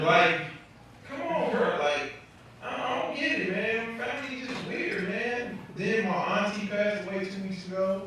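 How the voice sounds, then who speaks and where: A man doing stand-up, spinning family stories and slipping into the voices of his relatives. His fairly high voice comes from across an echoey club room, with steady noise around it. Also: a little slow. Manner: loose storytelling, acting out family members. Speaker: stand-up comedian. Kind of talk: stand-up comedy set. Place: comedy club. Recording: echoey club from far off, noisy.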